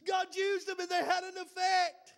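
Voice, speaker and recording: A man's voice: extremely high pitch, completely flat delivery, normal speed, fairly bright tone. A man, a pastor delivering a fervent sermon in a church full of listeners, built on rhetorical questions. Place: church building before a congregation.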